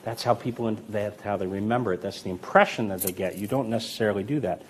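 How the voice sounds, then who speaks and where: A man's voice: lowish voice, fast talker, a little hiss or hum. A man casually teaching a coin sleight-of-hand routine, counting coins aloud as he demonstrates and telling stories of older magicians. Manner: relaxed, conversational, tells anecdotes with acted quotes.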